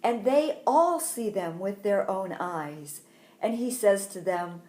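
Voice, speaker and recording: A woman teaching a Sunday school lesson for children, telling a Bible story slowly and expressively. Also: medium pitch, animated, a little mellow, reverberant.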